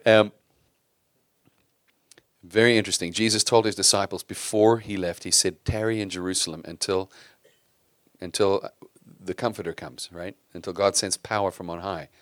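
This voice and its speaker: Male pastor, middle-aged, low voice, dry close sound, chatty sermon full of rhetorical questions. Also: steady tone, normal speed, long pauses, a bit bright, no room sound. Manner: conversational preaching with rhetorical questions.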